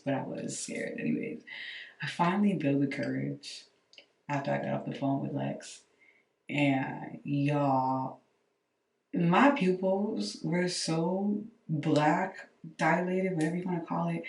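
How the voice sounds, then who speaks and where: A woman casually telling a storytime, animated and swearing freely, acting out what others said. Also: low-pitched, vocal fry, echoey room, far from the mic.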